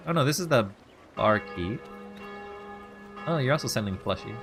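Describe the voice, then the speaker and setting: A man's voice: medium pitch, animated, normal speed, music in the background. A man streaming a video game, giving casual, playful let's play commentary and teasing a co-player.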